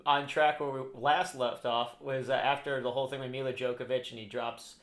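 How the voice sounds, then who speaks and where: A podcast co-host talks briskly in a mid-range voice, rambling through casual chat and frequently starting over. He livens up when laughing. The room is echoey.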